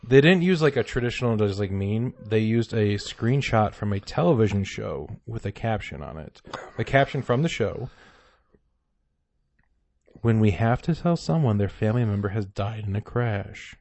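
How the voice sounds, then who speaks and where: A man's voice: fairly low pitch, lively intonation, moderate pace, a little mellow, dry recording. Joking male podcast co-host. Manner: joking, quotes people in mock voices. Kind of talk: casual comedic chat.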